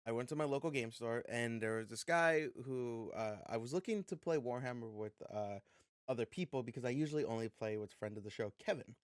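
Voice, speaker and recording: A young man co-hosting a podcast, telling an animated, profane story in casual chat. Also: medium pitch, a little fast, smooth, dry recording, studio quality. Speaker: podcast co-host.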